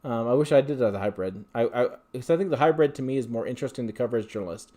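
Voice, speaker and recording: A man's voice: mid-range voice, very fast, dark tone. Chatty man hosting a livestream. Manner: rambling, chatty, with frequent fillers and restarts. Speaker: livestream host. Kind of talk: casual livestream chat answering viewer questions.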